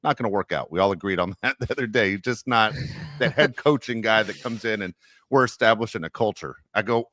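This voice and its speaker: A low, deep-voiced man hosts a casual sports podcast. He rambles and jokes, circling back with fillers as he talks. The sound is close and dry, with no room in it. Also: brisk, a bit bright, no room sound. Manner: rambling, joking, frequent fillers. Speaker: podcast host.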